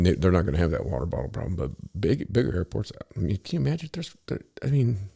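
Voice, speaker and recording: Deep gravelly man rambling and swearing. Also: warm tone. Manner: rambling, profane, easily sidetracked. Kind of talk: casual storytelling.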